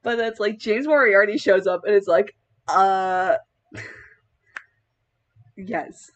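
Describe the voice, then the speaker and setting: A woman's voice: mid-range voice, drawn-out words. A young woman chatting casually in a vlog while styling a cosplay wig, rambling with many filler words and laughing mid-sentence.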